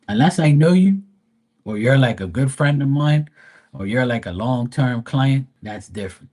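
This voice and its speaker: Blunt, husky-voiced man on a livestream. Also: medium pitch, animated, normal speed, dark tone. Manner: blunt, profane, rambling storyteller. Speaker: live tarot reader. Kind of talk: casual livestream chat.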